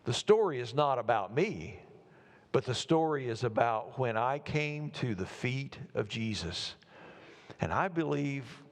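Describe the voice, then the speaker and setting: A man preaching a sermon, earnest, building to emphatic repeated phrases and then slowing to quiet, weighty words. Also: medium pitch, big-room sound. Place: church sanctuary.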